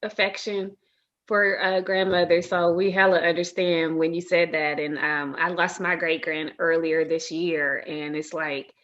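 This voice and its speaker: Low-voiced woman co-host, dull sound. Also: level tone, unhurried, fairly bright tone. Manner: supportive, frequent laughs and affirmations. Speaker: podcast co-host. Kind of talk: casual podcast interview.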